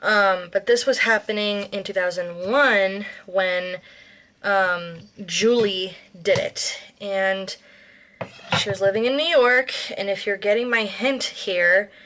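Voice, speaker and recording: A woman's voice: mid-range voice, fairly even intonation, takes it slowly, a bit bright, slight background noise. An American woman chatting casually in a cooking vlog, rambling with lots of ums and self-corrections. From United States. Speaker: vlogger.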